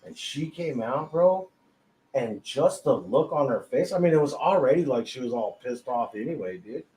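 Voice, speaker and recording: A man's voice: mid-range voice, animated, moderate pace, mellow. A man telling a personal story in casual chat, swearing freely and laughing often. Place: tattoo studio during a live podcast. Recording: roomy echo, faint ambience.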